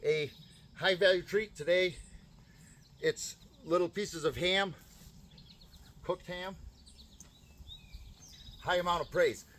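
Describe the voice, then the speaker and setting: A man with a fairly high voice calmly explains dog training outside, with faint outdoor noise around him. He walks through each step in a practical, coaching tone. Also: takes it slowly, long pauses. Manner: calm explaining, bursts of high excited praise to a dog.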